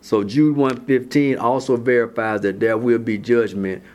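A man leading a Bible study, who reads scripture slowly and repeats his words as he explains. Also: medium pitch, steady tone, a little mellow.

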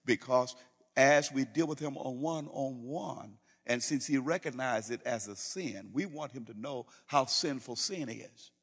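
This is a middle-aged man, a pastor, whose medium-pitched voice is unhurried and slightly rough. He preaches in storytelling fashion, voicing dialogue and often starting sentences over, captured in a reverberant hall.

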